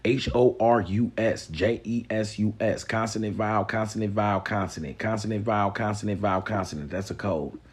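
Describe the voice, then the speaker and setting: Man, low-pitched, streaming a profane, preachy lecture with lots of energy. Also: fairly even intonation, brisk, hardly any pauses, rough recording. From Mississippi Delta. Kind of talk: casual live-stream monologue.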